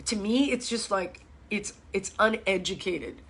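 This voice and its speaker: A woman's voice: medium pitch, unhurried, a bit bright, husky. A middle-aged woman from hosts a live-stream chat, talking bluntly, swearing often and ranting with strong feeling. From Miami, USA. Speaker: fitness host.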